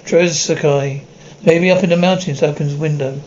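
A man's voice: fairly high pitch, steady tone, unhurried, darkish tone, a little hiss or hum. Man reading a horror tale, lo-fi. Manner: reads stage directions aloud between voices. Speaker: narrator reading a horror story with all parts. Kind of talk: dramatic story reading.

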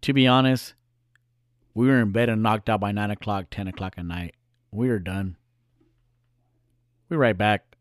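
A man's voice: on the low side, normal speed, pauses often, no echo, clean studio sound. A male podcast host talking alone in a casual, earnest, reflective way, repeating phrases for emphasis. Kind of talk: casual solo monologue.

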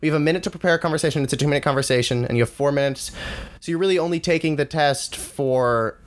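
A young man co-hosting a podcast in casual chat, playful and teasing, quick to laugh. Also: fairly high pitch. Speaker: podcast co-host.

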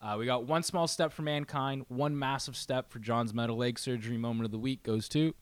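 A young man co-hosting a podcast, relaxed, reading out odd headlines from his notes in casual chat. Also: medium pitch, a little fast, smooth, dry recording. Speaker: podcast co-host.

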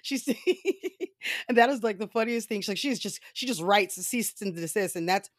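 A woman telling a story in casual commentary style, animated and often laughing, with profane asides. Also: medium pitch, moderate pace, no room sound, clean studio sound.

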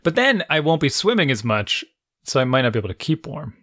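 A man in casual chat, making wry, deadpan jokes. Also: on the high side, brisk, dry recording, studio quality.

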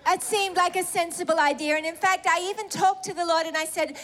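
A middle-aged woman telling a personal testimony in a sermon, animated and self-mocking, laughing through emotional moments. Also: high voice, normal speed, hardly any pauses. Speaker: preacher sharing a testimony.

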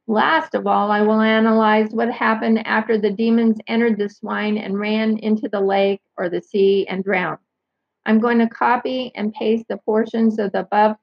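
A woman reading Bible passages aloud and commenting, carefully pausing to clarify who each pronoun means. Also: mid-range voice, vocal fry, husky, no room sound. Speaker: Bible teacher. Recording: dull lo-fi sound.

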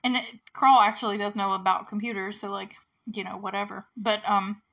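A woman's voice: mid-range voice, flat delivery, brisk, gravelly, a bit bright. A woman casually recapping a movie, chatty and giggly, full of filler words and acting out the characters' lines.

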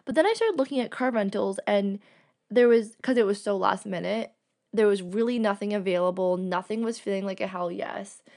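A woman's voice: medium pitch, a little fast, a little mellow. A young woman hosting a podcast, telling a long personal story in a chatty way, peppering her speech with "like" and acting out what people said. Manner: chatty, fills speech with "like", acts out quoted dialogue. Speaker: podcast host. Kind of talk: casual storytelling monologue.

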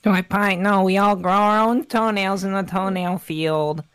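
A man voicing a deadpan male district spokesman who delivers a slow, straight-faced promotional pitch. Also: crowd noise, lightly acted.

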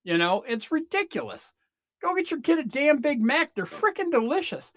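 A man's voice: extremely high pitch, sing-song, moderate pace, a bit bright, no room sound. A man in his fifties hosts a podcast, rambling through stories in an offhand, chatty way and dropping mild curses as he goes. The recording is close and dry, with no room sound around his voice. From Northern Illinois, USA. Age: 50s. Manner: chatty, meandering, swears casually. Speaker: podcast host. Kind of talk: casual rambling monologue.

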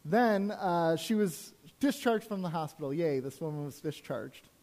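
Storytelling pastor, higher voice. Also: male voice, animated, normal speed, a little mellow. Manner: conversational storytelling, frequent "right?" asides. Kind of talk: sermon with personal stories.

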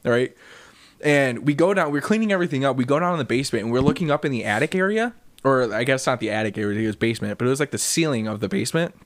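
A man's voice: medium pitch, quick pace. A man co-hosting a podcast, telling a story in casual chat, acting out what people said and laughing often. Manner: animated storyteller, acts out quotes, laughs often. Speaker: podcast co-host.

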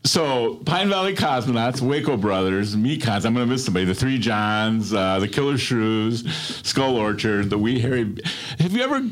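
A man's voice: mid-range voice, very animated, moderate pace, hardly any pauses, slight background noise. A male interviewer asking questions in a friendly, conversational way. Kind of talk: casual interview chat.

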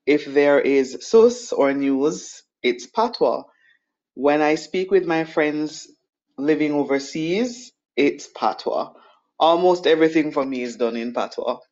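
Jamaican male teacher, higher register, emphatic delivery, muffled lo-fi recording. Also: takes it slowly, a little mellow. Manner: earnest, emphatic patois then careful standard English. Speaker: English teacher. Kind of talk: recorded answers to podcast questions. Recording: dull lo-fi recording.

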